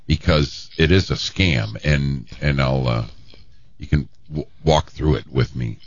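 A man's voice: rumbling low, unhurried, muffled recording. A man co-hosting a radio show, chatting in easygoing on-air banter. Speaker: radio co-host.

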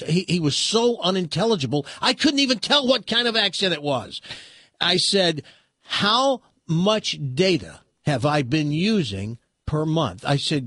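A man, a talk show host, telling an exasperated story in a casual, animated way. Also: fairly high pitch, breathy edge, dry recording, clean studio sound.

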